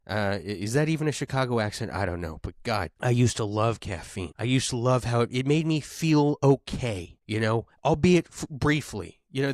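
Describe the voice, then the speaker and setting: A man's voice: medium pitch, no echo, studio quality. Man, thirties, stand-up comedy monologue, self-mocking, exasperated, mid-range voice. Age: 30s. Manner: self-deprecating, exasperated rants. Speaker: podcast host.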